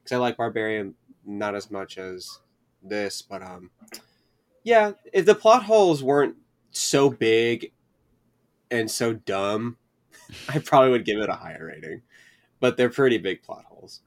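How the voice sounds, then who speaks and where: A man's voice: fairly low pitch, lively intonation, unhurried, pauses often. A man who is a guest on a film podcast, chatting loosely and laughing easily as he gives his rating. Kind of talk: casual film review chat.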